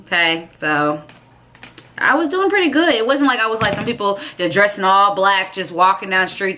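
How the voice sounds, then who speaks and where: A young woman vlogging, telling a personal story in an animated, chatty way and often checking in with her viewers. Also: medium pitch, slight background noise. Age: young adult.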